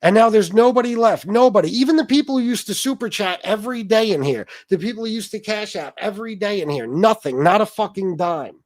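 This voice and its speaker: A man's voice: high voice, lively intonation, fairly quick, no room sound, studio quality. A man hosting a livestream, ranting profanely and aggrieved at his viewers. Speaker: livestream host.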